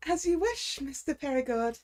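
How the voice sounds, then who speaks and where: A woman doing a brisk young hotel receptionist. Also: high-pitched, animated, darkish tone. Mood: polite. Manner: polite, businesslike.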